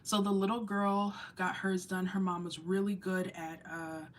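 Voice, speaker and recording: A woman's voice: fairly low pitch, little pitch movement, a little slow, a little hiss or hum. A woman vlogger and mother telling an emotional personal story to camera, earnest and candid, in a chatty way full of fillers. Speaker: vlogger and mother of an autistic child.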